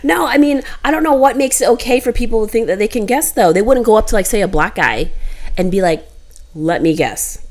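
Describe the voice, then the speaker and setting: A woman co-hosting a casual chat, telling stories in animated bursts and quoting other people. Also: mid-range voice. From United States. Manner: animated storyteller, quick bursts, quotes others. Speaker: co-host.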